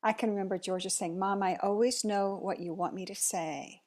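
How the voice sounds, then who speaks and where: A middle-aged woman chatting casually, reflective and unhurried, with soft laughs. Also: medium pitch, fairly even intonation. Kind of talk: casual chat.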